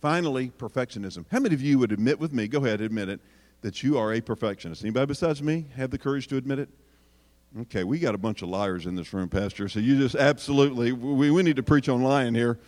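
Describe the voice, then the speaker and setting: Animated male preacher in a reverberant hall. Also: medium pitch, quick pace. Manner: animated, joking, addresses audience directly. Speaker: speaker on parenting. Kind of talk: sermon.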